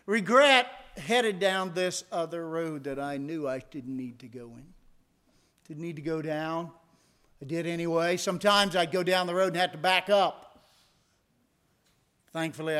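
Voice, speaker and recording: Middle-aged man, preaching a sermon, slightly high voice, conversational, builds to emphatic peaks. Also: a bit bright, smooth. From United States. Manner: conversational, asks the congregation rhetorical questions; rises to emphatic peaks on key points. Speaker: pastor.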